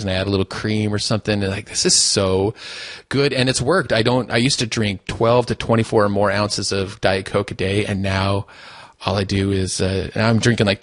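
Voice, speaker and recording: A man co-hosting a podcast in casual chat, chatty and quick to laugh. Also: lowish voice, a bit bright, no room sound, clean studio sound. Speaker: podcast co-host.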